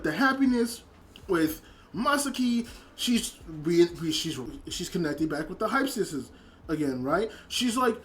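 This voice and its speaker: A man's voice: extremely high pitch, a bit bright. A man giving a casual, rambling anime episode review, swearing and laughing as he retells scenes.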